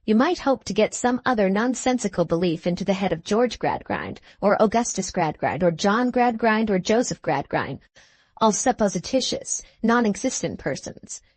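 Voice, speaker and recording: A woman reading an audiobook in measured, even scripted narration. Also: mid-range voice, no room sound.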